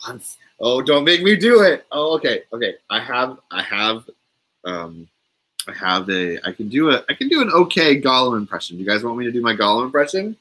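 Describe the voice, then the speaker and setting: A man's voice: mid-range voice, very animated, normal speed, pushed and bright, rough recording. A man hosting a casual live stream from home, playful and laughing often as he runs a word game with viewers.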